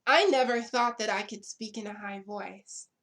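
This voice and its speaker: A woman's voice: mid-range voice, normal speed, fairly bright tone. A young woman vlogging straight to camera, emphatic and blunt, repeating her lines for effect. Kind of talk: impassioned direct-to-camera commentary.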